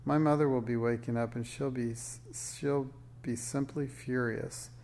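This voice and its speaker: A man's voice: mid-range voice, fairly even intonation, moderate pace, a little mellow, natural voice. A man voicing a lonely young witch girl. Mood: shy. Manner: shy, unhappy, sometimes proud.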